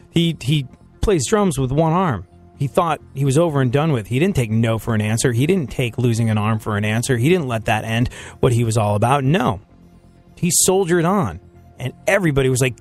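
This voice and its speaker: A male radio host raised between England and America, mostly England, riffing sarcastically in casual studio banter. He swings from playful highs to dry, low asides. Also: expressive, fairly quick, soft background music. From England and America, mainly England.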